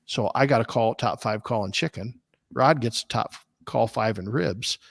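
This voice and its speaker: A man in mid-pitch spins a long, animated tale, stopping and restarting as he goes. His voice comes across dry and close. He is a barbecue competition cook from Des Moines chatting on a podcast. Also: moderate pace, gravelly, dry recording. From Des Moines, Iowa, US. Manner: rambling, animated anecdotes with restarts. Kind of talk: casual storytelling on a podcast.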